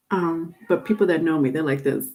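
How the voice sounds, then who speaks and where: A woman's voice: low voice, mellow. A middle-aged woman giving a casual tarot livestream. She talks in a chatty, repetitive way and laughs often. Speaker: tarot reader.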